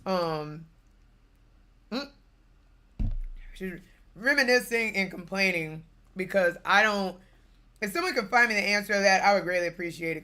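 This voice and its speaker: A young woman streaming games, telling a family story in a casual, animated way with bursts of laughter. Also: lowish voice. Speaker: gaming streamer.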